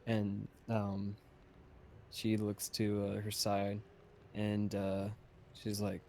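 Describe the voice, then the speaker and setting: Casting note: man, low flat gravelly voice, rambling storyteller with a foul mouth. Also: takes it slowly, long pauses, a little hiss or hum. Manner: profane, rambling, laid-back. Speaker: podcast host. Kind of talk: casual storytelling.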